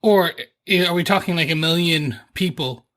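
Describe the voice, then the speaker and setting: Bright-voiced man chatting on a podcast. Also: fairly high pitch, normal speed. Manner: animated, jokey, thinks aloud with restarts. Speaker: podcast co-host. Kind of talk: casual chat.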